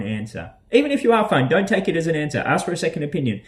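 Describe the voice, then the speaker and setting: A man's voice: fairly high pitch, very animated, a little fast. Rambling, hesitant Australian man. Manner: rambling and hesitant, with many ums and uhs. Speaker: vlogger. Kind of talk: casual to-camera vlog.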